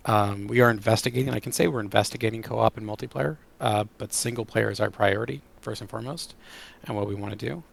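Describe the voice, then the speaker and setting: A man who works as a game creative director, answering interview questions in an enthusiastic, animated way. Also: lowish voice, fast talker, creaky.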